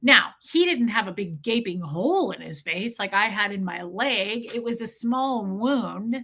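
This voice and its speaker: A woman hosting a livestream, telling a personal story in a candid, animated way and breaking off now and then to greet viewers in the chat. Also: mid-range voice, a little slow, husky. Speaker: livestream host.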